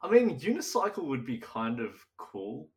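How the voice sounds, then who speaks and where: A man's voice: mid-range voice, big pitch swings, normal speed, recorded from a distance. A young man co-hosting a casual chat, rambling and laughing often, sometimes slipping into silly old-timey voices. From Australia. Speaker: podcast co-host.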